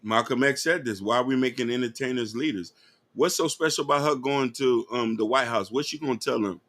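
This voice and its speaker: A man's voice: mid-range voice, brisk, a bit bright. A man co-hosting a podcast in casual debate, preachy and insistent as he argues. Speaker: podcast co-host.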